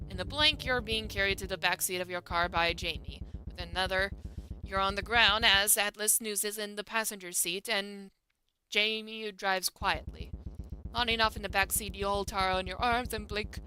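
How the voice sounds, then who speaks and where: A woman streamer reads a horror game's narration aloud, steady and storybook-like. Her voice sits at an ordinary middle pitch. Game music plays clearly behind her. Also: moderate pace. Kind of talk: reading game text aloud.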